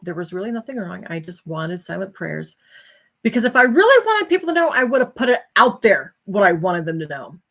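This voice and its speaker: A woman's voice: mid-range voice, sing-song, fairly quick, fairly bright tone. A tired middle-aged woman hosting a late live stream about her self-help book, rambling and apologetic as she yawns. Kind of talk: casual live-stream talk.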